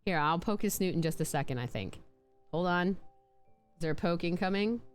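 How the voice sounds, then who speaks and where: A woman's voice: fairly low pitch, expressive, moderate pace, smooth, soft background music. A woman on a casual live stream, chatting playfully about her pet snakes and now and then putting on silly voices for them. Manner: chatty, playful, talks with lots of likes and restarts.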